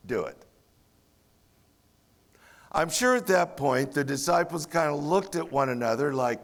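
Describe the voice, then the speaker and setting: A male pastor delivering an expository sermon at a slow, deliberate pace. His voice sits a little higher than most men's. He slips into playful, sarcastic voices to act out the people in the story. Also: expressive, gravelly. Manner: expository preaching, acts out sarcastic voices of the disciples.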